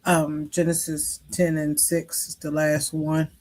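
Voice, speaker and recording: A woman student answers questions in a class, halting over words and deferring politely. She speaks very slowly in a soft, mellow voice. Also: sits low, little pitch movement.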